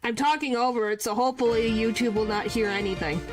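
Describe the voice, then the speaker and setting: A woman's voice: a little high, steady tone, fast talker, music in the background. A woman streamer in casual live-stream chat, talking to her viewers and playfully complaining.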